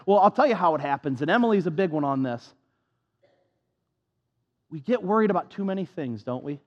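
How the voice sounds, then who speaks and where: A man's voice: fairly high pitch, big pitch swings, fast, a little mellow, big-room sound. A man preaching a sermon as pastor, impassioned and repetitive, with a self-deprecating touch, on a dull lo-fi recording.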